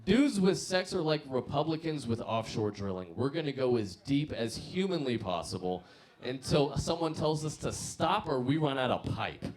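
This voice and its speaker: A man's voice: mid-range voice, lively intonation, moderate pace. A man in his mid-twenties doing profane stand-up comedy and working the crowd.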